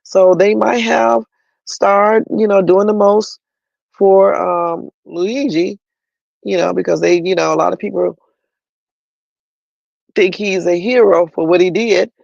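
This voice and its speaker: Guy doing a casual news livestream, kinda gravelly, talks right at his viewers, dry lo-fi sound. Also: high voice, fairly even intonation, slow, long pauses, a little mellow, no room sound. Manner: chatty and opinionated, addresses viewers directly. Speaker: livestream host.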